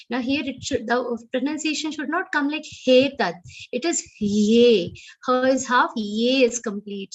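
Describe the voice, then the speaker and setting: A woman with an Indian English accent teaching Sanskrit verse recitation in an online class, correcting pronunciation and chanting lines slowly. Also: on the high side, dull audio. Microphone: video call.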